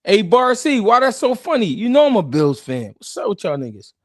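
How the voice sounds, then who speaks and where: Male live streamer, high voice, animated slangy chat, dry close sound. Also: a little fast, no echo.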